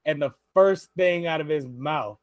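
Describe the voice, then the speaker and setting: A young adult man hosting a podcast, telling stories in an animated way, laughing often and quoting people. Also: on the high side, a little slow, dry recording, highs cut off. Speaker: podcast host. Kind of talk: casual podcast storytelling.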